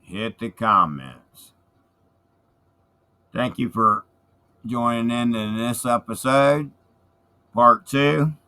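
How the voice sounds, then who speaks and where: A man hosting a video channel, commenting on police footage in a deliberate, urging way and signing off to viewers. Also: mid-range voice, bright, forceful tone, clear, resonant tone. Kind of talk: commentary and sign-off.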